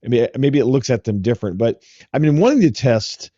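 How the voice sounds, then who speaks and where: A man co-hosting a tech podcast in casual, relaxed chat, rambling with fillers. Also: medium pitch, a little fast, no room sound, muffled recording. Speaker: podcast co-host.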